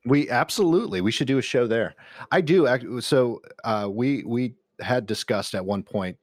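A man's voice: mid-range voice, moderate pace, dry recording. A middle-aged man co-hosting a podcast in casual chat, easygoing and self-deprecating, with frequent restarts. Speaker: podcast co-host.

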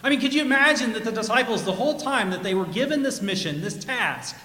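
A man's voice: high-pitched, animated, fast, pushed and bright. A male pastor giving a chatty sermon with humorous stories, laughing at his own jokes, in a church. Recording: echoey church hall.

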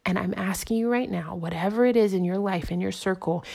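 A woman giving an earnest, encouraging motivational talk, repeating affirmations and slowing down for emphasis. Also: mid-range voice, gravelly, darkish tone. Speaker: motivational speaker. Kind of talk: inspirational monologue.

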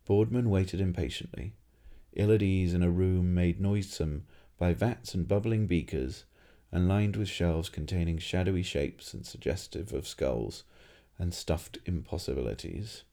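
A man reading a humorous fantasy story aloud as narrator, in a dry, lively storytelling manner. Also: low voice, a little slow. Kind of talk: audiobook reading.

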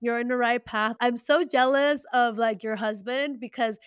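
Smooth-voiced young woman, effusive co-host. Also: a little high, fairly even intonation, moderate pace, dry recording, studio quality. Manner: warm, encouraging, effusive. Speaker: podcast co-host. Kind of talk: casual chat.

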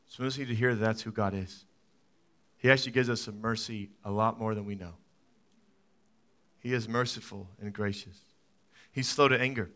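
A man in his thirties preaching a sermon as a pastor, telling stories with lively swings from loud excitement to quiet, soft talk. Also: mid-range voice. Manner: animated storytelling, rising to loud excited peaks then dropping soft.

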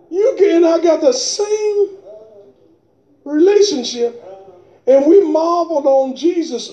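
A middle-aged man preaching a charismatic sermon, shouting and drawing out phrases, breaking into tongues. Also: extremely high pitch, echoey room, muffled recording. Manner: shouting, drawn-out emphatic phrases, speaking in tongues.

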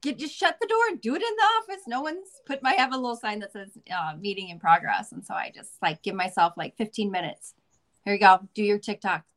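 A Midwestern American woman is a guest in a casual interview, upbeat and goofy, talking in quick bursts and laughing often. Her voice is medium-pitched, animated, and a bit bright.

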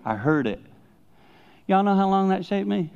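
An older man preaching a sermon, swinging between loud emphasis and hushed, personal asides. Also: high voice, animated, normal speed, creaky, smooth. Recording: dull lo-fi recording.

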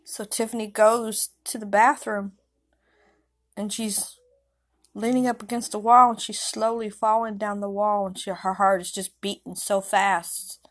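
A woman's voice: mid-range voice, level tone. Woman telling a rambling story. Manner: rambling, halting, with restarts. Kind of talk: improvised spoken story.

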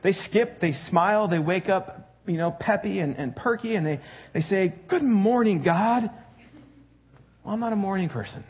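Pastor guy preaching in church, kinda high voice, husky, jokey and chatty with the crowd. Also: brisk. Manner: conversational and joking, asks the crowd questions. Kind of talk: sermon. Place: church before a congregation.

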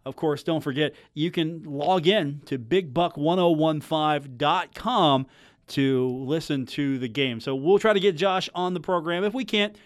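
A man hosting live sports radio from a studio mic. His voice sits a little high for a man. He rambles and jokes through plenty of restarts, and the booth sound is tight and dry. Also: measured pace, no echo. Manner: rambling, joking, lots of restarts. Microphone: studio microphone.

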